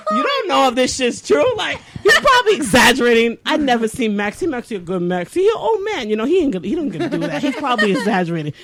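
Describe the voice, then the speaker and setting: A woman hosting a casual podcast, telling a story in an animated, profane way and laughing often. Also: a little high, fast talker, hardly any pauses, a loud crowd.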